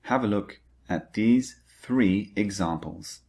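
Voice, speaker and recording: A man's voice: on the low side, lively intonation, slow pace, a little mellow. A man teaching an English grammar lesson, who repeats key points and stresses the target words. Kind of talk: slow, deliberate grammar lecture.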